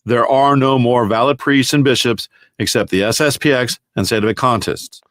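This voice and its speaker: Man, matter-of-fact argument, mid pitch, dry sound. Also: normal speed, fairly bright tone, no room sound. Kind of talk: argumentative explanation.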